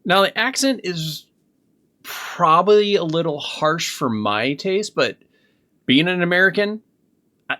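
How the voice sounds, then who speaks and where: A man from Minnesota hosting a casual reaction commentary, rambling and halting with many restarts. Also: high-pitched, animated, pushed and bright. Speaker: commentary channel host.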